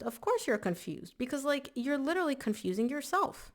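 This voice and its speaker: A woman giving a casual monthly tarot reading in a chatty, emphatic way, slightly hoarse and clearing her throat. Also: sits high, sing-song, a little fast. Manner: chatty, emphatic, repeats words for stress. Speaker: tarot reader.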